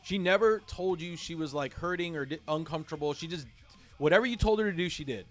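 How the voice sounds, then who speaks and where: A man with a slightly high voice hosts a livestream and tells a heartfelt personal story. He rambles, restarts and fills his sentences with "like" and "um". Faint music plays quietly in the background. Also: fast talker. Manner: rambling, self-correcting, many fillers. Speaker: livestream host. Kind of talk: emotional personal story on stream.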